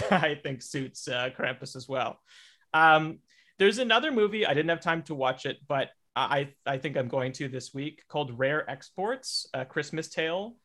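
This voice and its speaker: Podcast co-host, man, loose and rambling, voice a touch higher than usual. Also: fairly bright tone. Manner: rambling, hesitant, lots of fillers and restarts. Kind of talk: casual chat.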